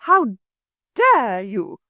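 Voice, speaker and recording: Woman doing Mrs Biddle, shrill sour matron. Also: sing-song, normal speed, no room sound, clean studio sound. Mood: furious. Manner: shrill scolding, then gushing. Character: sour woman turned sweetly jolly.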